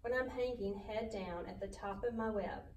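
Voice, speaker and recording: A woman's voice: mid-range voice, normal speed, reverberant, far from the mic, natural voice, low-quality recording. A woman voicing a timid, anxious young male pig in a storybook reading. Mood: eager. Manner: pleading, worried.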